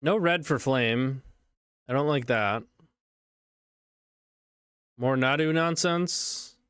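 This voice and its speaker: Slow-paced and medium in pitch, a man's fairly bright, clean voice carries casual live commentary on a card game he's streaming, reacting to each play as it unfolds. The studio sound is clean with no room sound.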